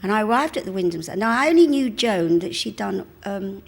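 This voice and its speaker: A woman's voice: mid-range voice, animated, a little fast, vocal fry. A woman in her seventies with a London Cockney accent, telling rambling, cheeky and bawdy anecdotes as an interview guest on stage. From East End of London. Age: 70s. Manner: chatty, rambling, cheeky and bawdy, self-mocking. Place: cinema venue before a live audience.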